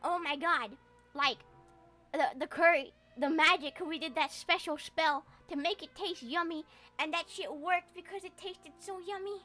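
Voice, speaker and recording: A young woman streamer chatting casually on stream, animated and profane, rambling with lots of fillers. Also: very high-pitched, moderate pace, faint music behind. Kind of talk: casual livestream chat.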